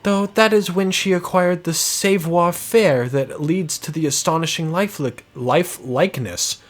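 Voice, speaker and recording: A man's voice: fairly high pitch, unhurried, voice pushed up, natural voice. A man voicing a young, mysterious woman who runs a waxwork museum, with a shaky put-on French accent and a formal, stern manner.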